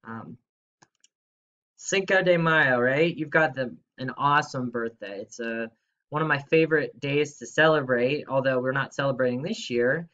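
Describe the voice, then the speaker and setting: Brief: bright, upbeat young male teacher giving a remote lesson, lo-fi home mic. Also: mid-range voice, normal speed. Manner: upbeat, playful, exclamatory. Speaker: third grade teacher. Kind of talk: recorded remote grammar lesson.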